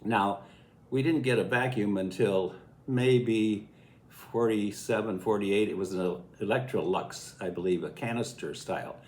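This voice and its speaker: A man in his eighties, from Illinois, spins a memory from his farm childhood with a folksy, chuckling delivery. His voice sits low. The recording sounds like an echoey room. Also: a little slow. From Illinois, USA. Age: 80s. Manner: folksy, chuckling, lively storytelling. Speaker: storyteller recalling childhood. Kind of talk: casual spoken memoir.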